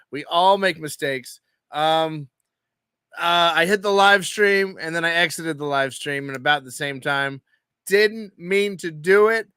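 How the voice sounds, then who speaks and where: A man's voice: high-pitched, bright, forceful tone, clean tone, no echo, studio quality. A man hosting a live paranormal podcast stream, joking and playful. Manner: joking, playful, self-deprecating. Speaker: podcast host. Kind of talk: casual live-stream chat.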